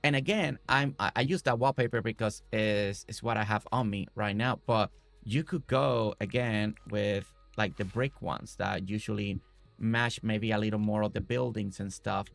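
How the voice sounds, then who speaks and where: A man streaming a building game, talking casually and excitedly with many restarts and rambling asides. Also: on the low side, moderate pace, vocal fry, dry recording. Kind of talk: casual game livestream commentary.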